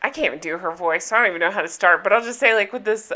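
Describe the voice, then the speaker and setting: A woman's voice: mid-range voice, big pitch swings, fast talker, hardly any pauses, pushed and bright. A middle-aged woman hosting a casual reality TV recap, chatty and sarcastic, laughing often. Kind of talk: casual chat.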